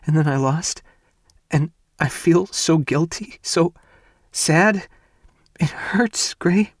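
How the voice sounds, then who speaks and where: A man's voice: medium pitch, fairly even intonation, fairly quick, gravelly, warm tone, no room sound, clean studio sound, pitched above the performer's own voice. A man voicing a grieving young woman in an audiobook, fragile and guilt-ridden, with a small, tearful voice. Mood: sobbing. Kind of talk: audiobook character voice.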